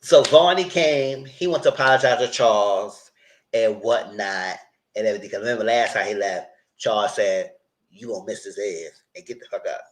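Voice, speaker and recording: A man hosting a casual live recap, retelling scenes in a loose, animated way and quoting the characters as he goes. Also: on the low side, normal speed. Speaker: TV recap host.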